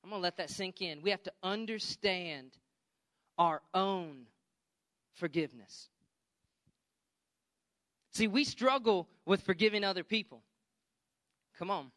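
A pastor delivers a sermon and keeps pressing his listeners with emphatic calls. His voice sits high and rings bright. The sound is close and dry, with no room echo. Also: clear, resonant tone. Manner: preaching with emphatic calls to the congregation.

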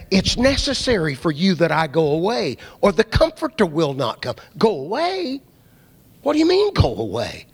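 A man preaching a sermon, dramatic, swinging from loud emphasis to hushed low asides. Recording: hall reverb.

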